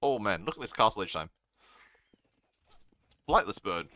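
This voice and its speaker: A man's voice: lowish voice, dry recording. A man from Australia casting a strategy game live, reacting eagerly to plays and answering chat. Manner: excitable, quick reactions, reads viewer chat aloud. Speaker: caster.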